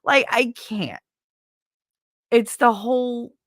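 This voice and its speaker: A woman's voice: on the high side, steady tone, moderate pace, no echo, studio quality. Blunt, foul-mouthed woman streaming. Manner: blunt and profane, rambling. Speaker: livestreamer. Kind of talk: casual stream chat. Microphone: desk microphone.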